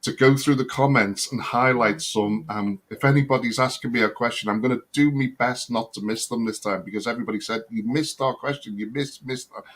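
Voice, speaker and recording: A man's voice: mid-range voice, steady tone, brisk, few pauses, fairly bright tone. A man co-hosting a casual live-stream chat, jokey and chatty, reading out viewers' comments. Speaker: co-host of a live chat show. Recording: faint background noise.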